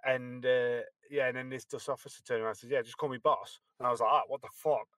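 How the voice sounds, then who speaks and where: A man's voice: medium pitch, steady tone, fast talker, noisy background. A man, a former Guardsman, telling an army anecdote in a hesitant, filler-heavy way. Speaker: podcast co-host, ex-Guardsman. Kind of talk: casual anecdote.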